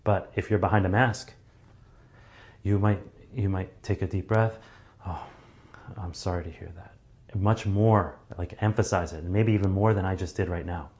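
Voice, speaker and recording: Casting note: low-pitched man, speaking coach, animated delivery, acts out examples. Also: moderate pace. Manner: frequent restarts and fillers. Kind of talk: solo talk, advice monologue.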